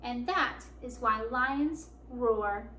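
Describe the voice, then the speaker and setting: A woman librarian reading a picture book aloud to children, expressive and animated. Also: on the high side, drawn-out words. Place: library program room. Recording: echoey room, faint background noise.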